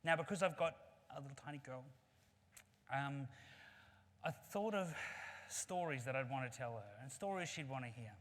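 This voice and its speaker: A man's voice: medium pitch, moderate pace, a bit bright. A man giving an earnest, conversational keynote talk built around a story. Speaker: conference speaker. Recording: long reverb of a large hall.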